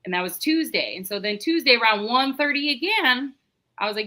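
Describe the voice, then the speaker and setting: A woman's voice: on the high side, sing-song, brisk, pushed and bright. A middle-aged woman, a podcast guest, telling a story in a chatty, rambling way and acting out the dialogue. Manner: recounts dialogue in a chatty, rambling way with many restarts. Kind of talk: casual storytelling.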